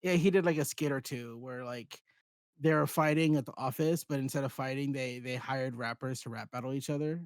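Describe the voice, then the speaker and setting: A man's voice: mid-range voice, steady tone, fairly quick, dry recording. A man co-hosting a podcast in casual chat, rambling and self-deprecating. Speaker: podcast co-host.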